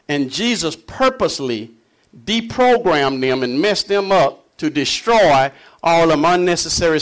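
A man preaching a conversational sermon, reading scripture aloud and explaining it in a folksy way, chuckling often between points. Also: on the high side.

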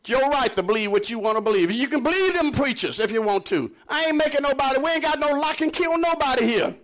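A man with a high, very lively voice preaches a sermon. He drops low and then climbs into high shouts, laughing and joking with his congregation along the way. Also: quick pace. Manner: animated preaching, swinging between low murmurs and high shouts. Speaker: pastor.

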